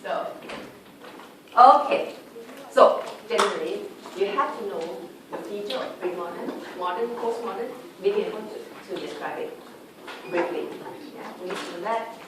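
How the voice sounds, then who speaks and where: A woman tutor giving an informal exam revision lecture, often checking in with her students through tag questions. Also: mid-range voice. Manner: chatty, lists examples briskly. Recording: echoey room recorded from far off with background noise.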